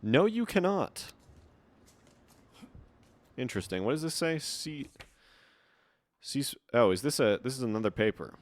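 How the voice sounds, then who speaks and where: A man's voice: medium pitch, expressive, a little fast, no echo. A man streaming a game, chatting casually and reading in-game notes aloud in a rambling way. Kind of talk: casual gameplay commentary.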